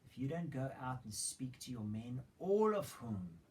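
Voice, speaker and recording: A man's voice: mid-range voice, very animated, measured pace. Dramatic male preacher heard from afar. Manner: dramatic retelling, swings between loud emphasis and hushed whispers. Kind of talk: sermon storytelling. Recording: distant mic with faint background noise.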